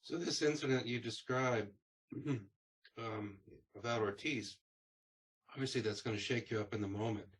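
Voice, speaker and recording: A man interviewing a veteran, asking measured, thoughtful questions with some hesitation. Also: medium pitch, husky. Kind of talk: oral history interview.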